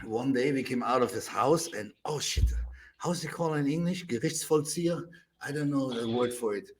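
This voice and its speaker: An older man with a German accent, a bodybuilder guest telling animated stories, acting out quotes with loud bursts and laughter. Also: medium pitch, moderate pace. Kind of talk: animated storytelling.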